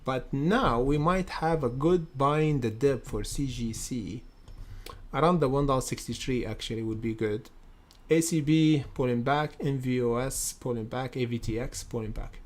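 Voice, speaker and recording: A man's voice: medium pitch, normal speed. A man hosting a live trading stream, thinking aloud with many fillers and repeated phrases, and addressing viewers as guys and brother. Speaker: day-trading livestream host. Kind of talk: live market commentary.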